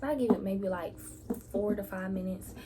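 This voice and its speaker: A young woman vlogger telling a story about her faith in a casual, chatty way, often dropping into soft whispered asides. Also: medium pitch, normal speed, very noisy.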